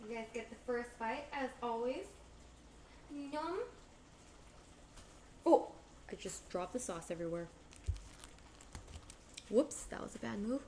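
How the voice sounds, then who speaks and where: A woman's voice: on the high side, lively intonation, slow pace, pauses often, mellow, slight background noise. A woman chatting casually through a cooking livestream, playful and bubbly as she talks to her viewers. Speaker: streamer.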